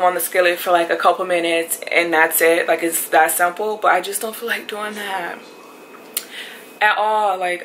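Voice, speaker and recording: A woman's voice: lowish voice, a bit bright, slight background noise, poor audio. Chatty young woman vlogging at home. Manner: chatty and rambling, laughs often. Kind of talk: casual vlog talk to camera.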